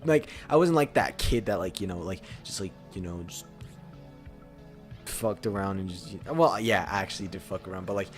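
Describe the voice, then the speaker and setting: A young man co-hosting a podcast tells a rambling, casual story in a low voice at a moderate pace, with faint music behind him. He's full of fillers and breaks into bursts of laughter.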